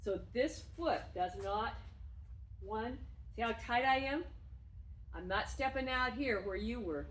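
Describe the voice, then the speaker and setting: A woman dog trainer coaching a student through footwork and play, breaking into high, excited praise when she plays with the dog. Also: a little slow, long pauses, poor audio. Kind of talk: remote training lesson.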